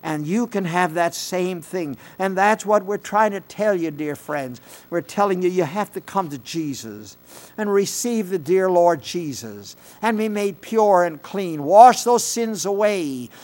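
A man's voice: high-pitched, expressive, a little slow. A man, an older preacher, delivering a sermon in an earnest voice that rises into emphatic bursts when quoting scripture.

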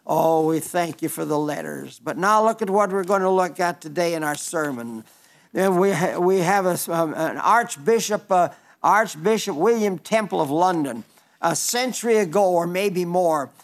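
A man with an Oklahoma accent preaching a broadcast sermon, earnest and emphatic, repeating key phrases and reading out listener letters. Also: high voice.

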